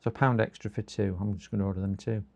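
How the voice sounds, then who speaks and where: A middle-aged British livestreamer fixing things on camera talks fast in a lowish voice with vocal fry and fairly even intonation. The chat is casual: he mutters, answers viewers' questions, and groans now and then in exasperation.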